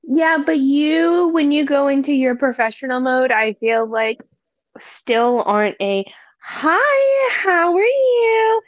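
Woman, podcast co-host, blunt, sassy, high-pitched, dull lo-fi sound. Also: steady tone, unhurried, no echo. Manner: blunt, sassy, laughs often, tags lines with "okay?". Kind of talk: casual chat.

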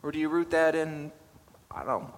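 A man's voice: fairly high pitch, moderate pace. A young male pastor giving a conversational, self-deprecating sermon and putting questions to his listeners. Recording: reverberant hall with faint ambience.

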